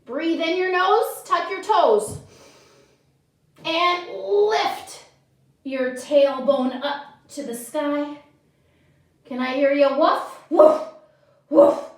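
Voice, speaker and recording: A woman leads a children's yoga class in a high, unhurried voice, cheering the kids on as she reads a story. She is recorded from a distance in a very echoey studio. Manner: bright encouraging instructions to children. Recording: echoey room, from far off.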